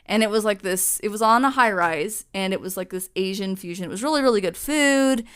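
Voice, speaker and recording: A young woman co-hosting a podcast, telling a story in casual chat, swearing freely and acting out what people said in lively voices. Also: mid-range voice, a little fast, smooth. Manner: swearing storyteller, acts out quotes in animated voices. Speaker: podcast co-host.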